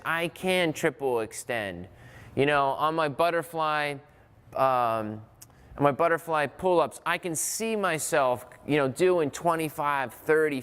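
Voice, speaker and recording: A man's voice: medium pitch, fairly bright tone, clean tone, big-room sound. A man giving a conversational motivational talk on mental training, often restarting phrases and working through examples. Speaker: motivational speaker.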